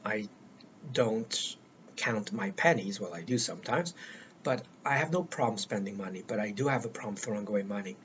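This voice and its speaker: A man's voice: lowish voice, animated, normal speed, fairly bright tone. Older guy life coach talking earnest and emphatic, dull lo-fi sound, faint hiss. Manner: earnest, emphatic, repeats words for stress. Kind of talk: solo talk to camera.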